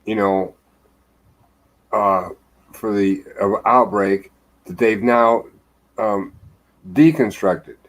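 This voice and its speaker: A man on a livestream panel talking casually, halting with many ums and uhs. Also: on the low side, low-quality recording. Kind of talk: casual chat.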